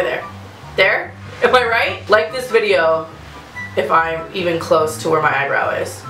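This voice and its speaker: A woman's voice: mid-range voice, sharp tone, roomy sound, rough recording. A young woman doing a casual makeup tutorial at home, chatting nervously and giggling, poking fun at herself. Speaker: beauty vlogger.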